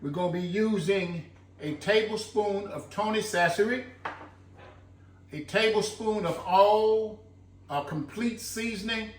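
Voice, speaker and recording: A fairly high-voiced man talks unhurriedly through a homemade stew recipe, peppering his talk with "look." He sounds a little distant from the mic, in an echoey home kitchen with a faint hum behind him. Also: measured pace. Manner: folksy, chatty, fond of saying "look". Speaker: home cooking channel host. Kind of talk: casual cooking demonstration.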